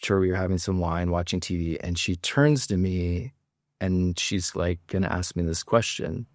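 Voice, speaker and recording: A man's voice: sits low, moderate pace, dry recording, studio quality. A man in his forties, a podcast guest, telling a rambling story with many fillers in casual chat, near tears. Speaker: podcast guest, plastic surgeon.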